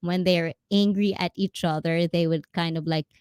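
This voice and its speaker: A woman's voice: lowish voice, steady tone, moderate pace, a little mellow, clean tone, no room sound. A woman with a Filipino accent hosting a casual livestream chat, mixing English and Tagalog and laughing often. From Philippines. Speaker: host.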